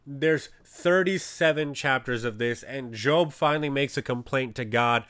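A man's voice: mid-range voice, a little slow, a bit bright, smooth, no room sound, studio quality. A man telling a casual faith testimony, rambling and packed with "you know, like" fillers. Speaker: Christian speaker.

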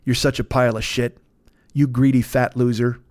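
A man's voice: medium pitch, flat delivery, moderate pace, a little mellow, dry recording, clean studio sound. A man in his fifties hosting a comedy podcast, telling a long story in a casual, profane way, full of restarts and self-interruptions. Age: 50s.

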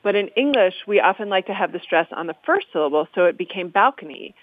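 A woman's voice: fairly low pitch, expressive, fast talker, no room sound. A woman historian of the language explaining usage in conversation, articulate and amused, lecturing in an easy way. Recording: tinny phone-like dry sound.

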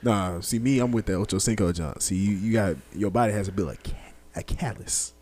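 A man co-hosting a podcast, playful and expressive. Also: fairly low pitch, brisk. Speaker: podcast co-host. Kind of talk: casual chat.

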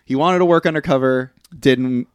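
Male co-host, relaxed film chat, quick agreeing replies, dry sound. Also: mid-range voice, clean tone, no echo. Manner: relaxed, chimes in with short agreements. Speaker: podcast co-host. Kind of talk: casual movie review chat.

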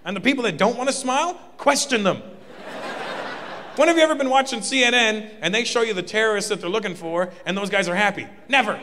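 A man from Canada doing a stand-up comedy routine, telling an animated, punchy story. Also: sits high, fast talker, a little hiss or hum. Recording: live hall with audience laughter.

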